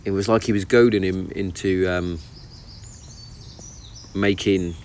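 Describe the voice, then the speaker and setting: A man's voice: sits low, steady tone, a little slow, darkish tone. A man chatting casually and bluntly about football on his vlog, swearing freely as he gives his opinions. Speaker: vlogger. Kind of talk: casual chat. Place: outdoors in the countryside. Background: birdsong and outdoor ambience.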